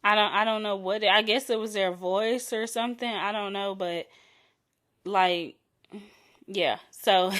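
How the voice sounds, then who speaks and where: Speaking slowly in a steady, mid-range voice, a young adult woman talks frankly and playfully alone on the podcast she hosts. She stretches out intimate words and lets her voice go soft on them.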